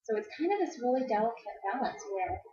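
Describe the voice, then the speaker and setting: Animated woman giving parenting advice. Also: on the high side, fast talker. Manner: animated, acts out child and parent lines. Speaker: parenting expert guest. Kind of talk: casual advice chat. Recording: roomy, dull lo-fi sound.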